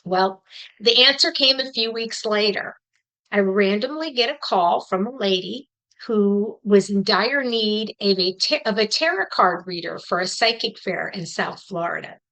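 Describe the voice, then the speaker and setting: A middle-aged woman telling a personal story to an audience, fast-talking and animated. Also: medium pitch, rough recording. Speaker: psychic medium giving a talk.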